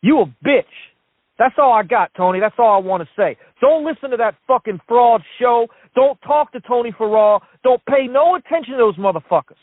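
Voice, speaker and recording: A man's voice: very high-pitched, expressive, fairly quick, no room sound. A male caller on a call-in show delivering a furious, profane rant. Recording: dry phone line.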